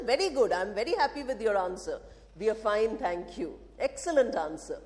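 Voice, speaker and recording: A woman's voice: a little high, a little mellow. A woman with an Indian English accent, giving an emphatic English lesson to a class and asking rhetorical questions. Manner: emphatic, repeats and drills phrases, asks rhetorical questions. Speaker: English teacher. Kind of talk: classroom lecture. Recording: echoey hall with long reverb.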